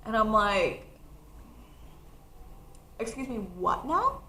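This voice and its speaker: 19 y/o girl rambling a storytime to her camera, bright higher voice, kinda echoey room. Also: slow pace, a little hiss or hum. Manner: chatty, animated, laughs while telling. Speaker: college student vlogger. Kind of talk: casual storytime vlog.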